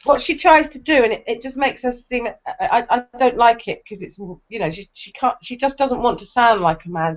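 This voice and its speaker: A woman's voice: a little high, expressive, normal speed. A woman hosting a casual livestream chat, chatty, laughing often and restarting her sentences. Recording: dull lo-fi stream audio.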